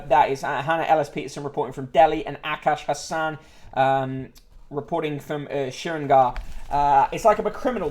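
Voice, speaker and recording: A man's voice: a little high, a little mellow. Dry-witted man reading headlines. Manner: reads headlines aloud with dry asides and many ums. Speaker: host reviewing newspapers. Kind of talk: casual livestream newspaper review.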